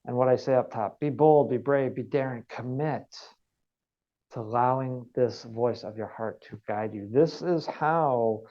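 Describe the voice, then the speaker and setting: A man's voice: medium pitch, a little slow, lo-fi sound. A man giving an online wellness training, earnest and repeating key points for emphasis. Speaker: wellness coach.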